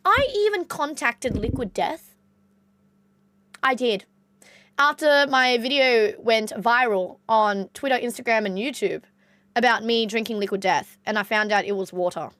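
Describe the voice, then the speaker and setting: A woman's voice: a little high, animated, measured pace, fairly bright tone, no room sound. A young Australian woman streamer with an Australian accent, chatting casually with her viewers, reading chat aloud and swearing now and then.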